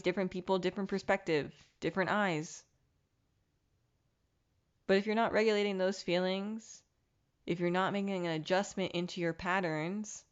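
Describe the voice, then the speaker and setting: A woman's voice: fairly low pitch, lo-fi sound. Candid woman hosting a self-help podcast. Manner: candid, reflective, mildly profane self-help talk. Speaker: podcast host. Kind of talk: casual motivational monologue.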